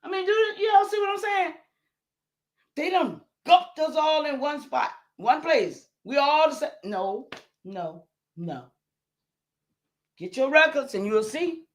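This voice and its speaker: Hosting a livestream, a woman speaks to her viewers in a high, animated voice without rushing. She is emphatic and repeats herself, and when her temper rises she swears and then says sorry.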